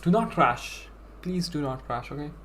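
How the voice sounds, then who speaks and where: A man's voice: a little high, lively intonation, moderate pace, a bit bright, a little hiss or hum. Rambling young male streamer. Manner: chatty, rambling, self-deprecating, says "bro" and "like". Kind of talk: casual live stream chat.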